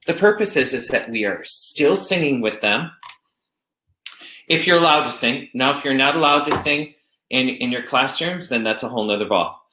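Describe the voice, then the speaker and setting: A male elementary music teacher talks through a classroom activity in a chatty, easygoing way and sometimes breaks into slow singing. His voice sits at an ordinary middle pitch. The sound is roomy and echoey. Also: sharp tone, slight background noise. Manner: chatty, demonstrates songs by singing them slowly. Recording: roomy echo.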